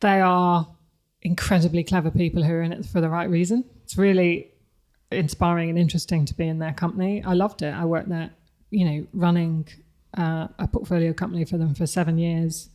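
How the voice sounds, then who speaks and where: A woman's voice: on the low side, steady tone, a little fast, a little mellow. A woman, speaking candidly and reflectively as a podcast guest, laughing often. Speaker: guest, company CEO. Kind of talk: podcast interview conversation.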